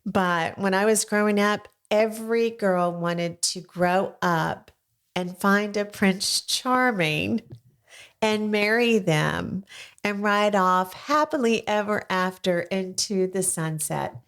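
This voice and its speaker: An older woman hosts a casual podcast chat from a small studio. Her voice sits at a middle pitch, and she keeps prompting her young guest with slow, encouraging questions. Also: a bit bright, clear, resonant tone. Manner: coaxing, slow questions that prompt a child to answer. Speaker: podcast host interviewing her grandson.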